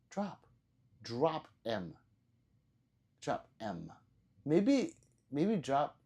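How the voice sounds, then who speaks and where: A man's voice: medium pitch, dark tone. A man hosting a casual live stream, reading viewer comments aloud, laughing often and swearing casually. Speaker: livestream host reading chat.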